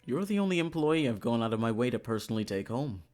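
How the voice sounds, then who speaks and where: A streamer doing a calm, soft-spoken male boss in a deeper voice. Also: soft background music, close to an everyday voice. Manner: low, quiet, measured delivery. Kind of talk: visual novel dialogue read aloud by a streamer.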